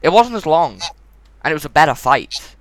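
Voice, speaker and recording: A man's voice: fairly high pitch, big pitch swings, moderate pace, no echo. A man reviewing a film in casual chat. He is blunt and mocking, and he steers the discussion.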